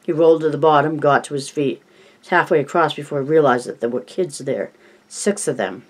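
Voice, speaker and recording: Man narrating a novel, measured. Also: on the high side, rough recording. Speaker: audiobook narrator.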